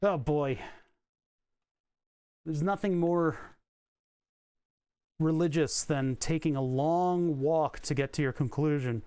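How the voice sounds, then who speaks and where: A male streamer talks through a project in his home workshop, rambling and chuckling at his own asides. His voice sits a little higher than most men's. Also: takes it slowly, pauses often, dark tone, smooth, no room sound. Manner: rambling, self-amused, chuckles often. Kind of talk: casual live-stream chat while working.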